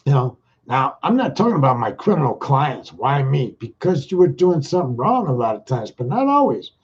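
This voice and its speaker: Husky-voiced man rambling in a folksy way. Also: medium pitch, sing-song, fairly quick. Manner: folksy, slangy, talks to listeners directly. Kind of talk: casual rambling monologue. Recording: muffled lo-fi recording.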